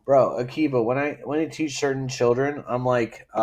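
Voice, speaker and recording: A man's voice: mid-range voice, steady tone, darkish tone. A man from England, co-hosting a podcast in casual, playful banter. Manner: playful, teasing, quick to joke. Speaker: podcast co-host.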